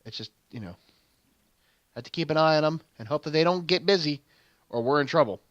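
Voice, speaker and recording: A man's voice: fairly high pitch, animated, brisk, no echo, muffled recording. A young adult man hosting a game channel, telling a long stage story in rambling casual commentary, full of fillers and restarts. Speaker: gaming channel host.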